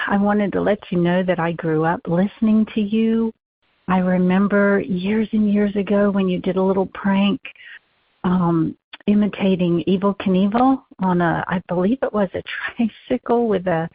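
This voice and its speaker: Husky woman caller on a phone line. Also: on the low side, no echo. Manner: warm, heartfelt well-wishing. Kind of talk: voicemail message to a radio show. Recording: tinny phone line, dry.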